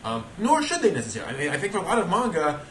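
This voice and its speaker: A man co-hosting a casual podcast chat, talking in halting bursts with frequent restarts. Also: wildly swooping pitch, fairly bright tone. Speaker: podcast co-host. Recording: roomy with faint rumble.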